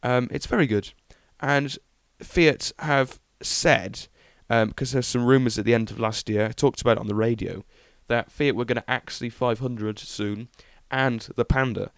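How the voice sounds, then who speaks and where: A man's voice: medium pitch, steady tone, normal speed, few pauses, no room sound, clean studio sound. A young man hosting a podcast, chatting casually and enthusiastically about car news with lots of ums. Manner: rambling, enthusiastic, many ums. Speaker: podcast host.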